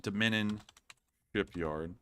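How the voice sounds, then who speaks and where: This is a man hosting a casual live show. His voice is bright and clear, and he rambles from one tangent to the next with a joking ease. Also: lowish voice, slow pace. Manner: chatty, rambling, joking asides. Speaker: livestream host.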